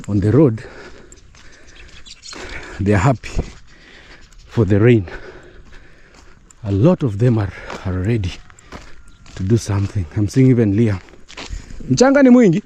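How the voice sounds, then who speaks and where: A man's voice: fairly low pitch, warm tone, a little hiss or hum. A man vlogging casually on his farm, chatty and loose with fillers and restarts, out of breath from walking uphill. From East Africa. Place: outdoors on a rural farm.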